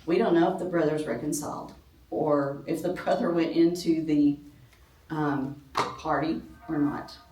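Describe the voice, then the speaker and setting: A middle-aged woman teaches a women's church class in an easy, chatty way, dropping frequent ums and the odd joke at her own expense. Her voice sits a little low for a woman. She is picked up from across a roomy classroom, so she sounds distant and echoey. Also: fairly even intonation, measured pace, darkish tone. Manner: conversational, many ums, self-deprecating humor. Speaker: speaker at a ladies' church class. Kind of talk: informal Bible class talk.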